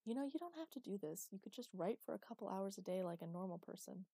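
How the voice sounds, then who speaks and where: A woman's voice: mid-range voice, very animated, fast, gravelly, warm tone, breathy edge, no room sound, clean studio sound, heavily acted. Woman voicing a protective, fiery father. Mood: fond, teasing. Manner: urgent and insistent. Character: protective father, worried then furious.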